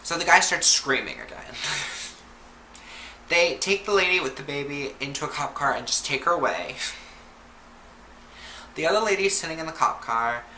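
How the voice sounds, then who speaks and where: Bright-voiced young woman telling a story. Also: low-pitched, expressive, moderate pace, long pauses. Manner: chatty, heavy on "like" and swearing. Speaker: vlogger. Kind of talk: casual storytime vlog. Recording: roomy echo, faint background noise.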